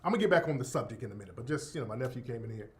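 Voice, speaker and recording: A middle-aged man hosting his own radio show, telling a profane, animated story in a casual monologue and breaking into laughter. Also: medium pitch, rapid-fire.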